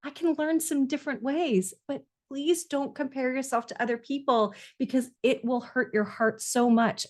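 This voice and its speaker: A woman parenting coach talking straight to parents, earnest and confiding, often repeating a phrase for emphasis. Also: sits high. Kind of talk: heartfelt solo talk to parents.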